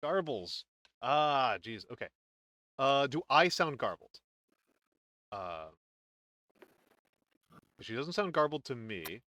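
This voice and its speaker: A man's voice: medium pitch, sing-song, takes it slowly, pauses often, bright, forceful tone, a little hiss or hum. A man hosting a casual painting stream, rambling with lots of fillers and restarts. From northern region. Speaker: streamer and host.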